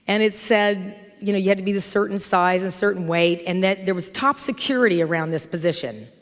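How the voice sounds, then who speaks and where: A middle-aged woman preaches in an easy, conversational voice at a middle pitch. She tells stories with animation. Her voice rings with the long reverb of a church sanctuary. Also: a little fast. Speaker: minister. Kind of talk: sermon with storytelling.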